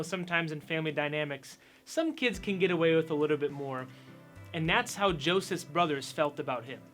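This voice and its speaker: A man's voice: a little high, a bit bright. A man giving an upbeat, conversational youth sermon as pastor, telling stories along the way.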